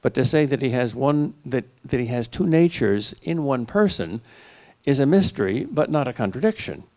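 An older American man lays out his argument one step at a time, like a professor answering at a public forum. He talks at an ordinary pitch for a man, measured and clear, with a dry wit. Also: very animated, a little mellow. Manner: reasoned, step-by-step explaining with a dry joke. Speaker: philosophy professor in a dialogue. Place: university lecture hall.

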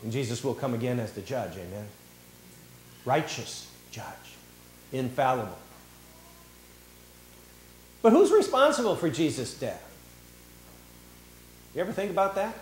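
A man preaching a sermon in a church, animated and theatrical, acting out the voices of the people he talks about. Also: medium pitch, a little slow, pauses often, reverberant, rough recording. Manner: animated, acts out quoted voices. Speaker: pastor. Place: church sanctuary.

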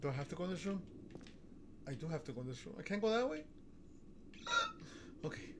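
Male gaming streamer, jittery and gasping, very lively pitch, audible background noise. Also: racing. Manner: jumpy, gasping, nervous and excitable. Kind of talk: horror game commentary.

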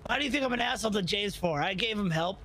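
A brash, confrontational man with a high, bright voice that bounces around in pitch. He pushes hard and doesn't care who hears. Faint noise sits in the background. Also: lively intonation, very fast, low-quality recording. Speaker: roleplay game player.

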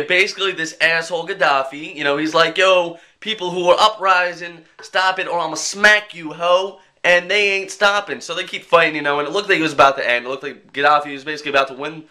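A young man talking to his webcam in a casual vlog, joking and swearing as he rants and mimics people in quick bits. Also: on the high side, sharp tone. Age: young adult. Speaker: vlogger.

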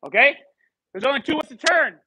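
A male salsa instructor leads a live class, counting the beats and calling out moves as the dancers go. He mixes Spanish and English cues, and his voice is fairly high and very bright. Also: expressive, fairly quick, dry recording, low-quality recording.

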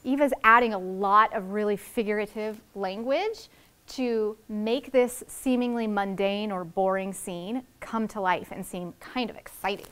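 A woman teacher reading a story aloud to second graders and explaining its writing in an expressive, friendly way. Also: medium pitch, unhurried, smooth. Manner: expressive, explaining to young children.

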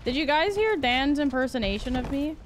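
A woman from Canada streaming a video game live, giggling, chatting with viewers and reacting loudly to the gameplay. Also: sits high, animated, a little fast, a little hiss or hum.

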